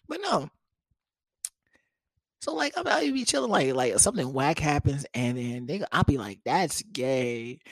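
A man's voice: mid-range voice, big pitch swings, slow, vocal fry, long pauses, dry recording. A young man hosting a casual solo podcast, joking crudely and laughing often, close to the mic. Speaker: podcast host. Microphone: close studio mic.

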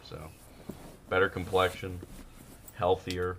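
A man co-hosting a podcast, talking in crude casual banter that trails off and mumbles, now and then jumping into high mocking voices. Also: moderate pace, a bit bright. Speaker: podcast co-host. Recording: dull lo-fi sound.

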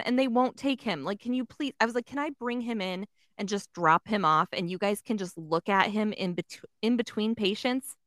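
Bright-voiced woman ranting a story, lots of "like" and swearing, does little voices for people. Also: mid-range voice, normal speed, few pauses, no echo, studio quality. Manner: swears a lot, fills with "like", acts out voices. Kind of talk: casual chat.

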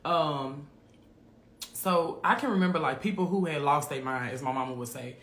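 A man hosts a live faith podcast in a loose, chatty way, often calling the audience "friend". His voice sits on the high side. The sound carries a noticeable room echo. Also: normal speed, a bit bright. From Memphis, USA. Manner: casual, keeps calling listeners "friend". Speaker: podcast host.

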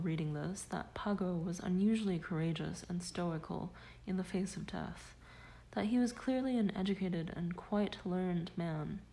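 A woman narrating a scholarly nonfiction audiobook in a measured, deliberate manner. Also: on the low side, dark tone, poor audio. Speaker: audiobook reader.

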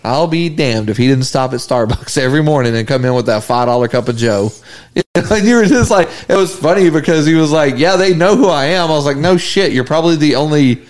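A man's voice: expressive, a little fast. Laughing man telling stories. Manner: laughs often while telling funny stories, acts out quotes in a higher voice. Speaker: podcast co-host. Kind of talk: casual chat, storytelling.

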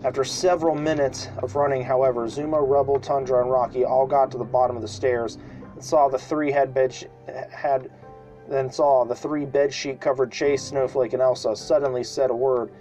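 A man's voice: mid-range voice, fairly even intonation, normal speed, soft background music, poor audio. A man reading a homemade story aloud, stumbling and restarting now and then. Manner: reads with slips and restarts, shouting the screams. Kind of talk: amateur read-aloud storytelling.

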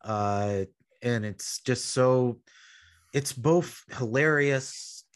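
A man's voice: mid-range voice, extremely slow, clean tone. Male podcast host, casual and rambling, mid-range voice. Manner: rambling, filler-heavy storytelling with laughs. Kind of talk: casual podcast recap chat.

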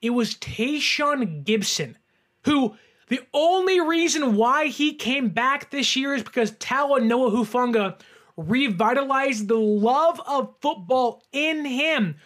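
A man with a high voice hosts a sports reaction, talking in a fast, fired-up rush. He sounds like a fan, breaking into near-shouts when a play goes wrong. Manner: animated, fan ranting with rising shouts. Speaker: sports podcast host. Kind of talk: excited sports reaction monologue.

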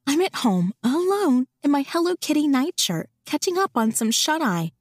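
A woman voicing a sharp-tongued woman in her late twenties in an audiobook, full of sarcastic, cheeky banter. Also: sits high, big pitch swings, normal speed, no echo, studio quality, pitched above the performer's own voice. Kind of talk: audiobook character voice.

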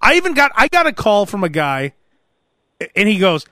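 A man hosting a podcast, chatting casually and telling animated stories in which he acts out phone calls and sometimes bursts into shouting. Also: high-pitched, brisk, background noise. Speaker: podcast host. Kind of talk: casual chat.

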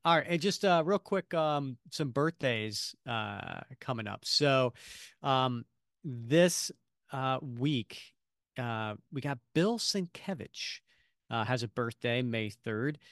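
Slow-paced and lively in intonation, this man's mid-range voice has a fairly bright tone. He co-hosts a podcast, chatting casually and rambling with frequent fillers and false starts, recorded dry at studio quality.

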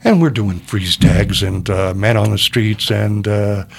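An older man tells a comedy club story in casual conversation. He keeps shifting into the voices of the people he quotes, animated and theatrical. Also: on the low side, unhurried, creaky, husky. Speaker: guest comic telling a story.

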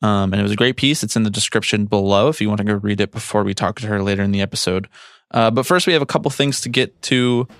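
A man's voice: on the low side, fast talker, no room sound, studio quality. A young man with a Philadelphia accent co-hosting a podcast, joking and self-mocking in casual chat. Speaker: podcast co-host.

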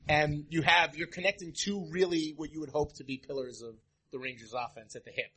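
A man's voice: fairly high pitch, fairly even intonation, fairly quick, bright, forceful tone, slight background noise, poor audio. A man co-hosting a live podcast, teasing his co-hosts and breaking down players in casual chat. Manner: chatty, teasing, analytical.

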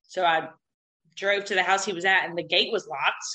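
A woman in her thirties tells a personal story with candid, animated energy, acting out what people said and swearing freely. Her voice is bright and forward. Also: lowish voice, moderate pace, low-quality recording. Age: 30s.

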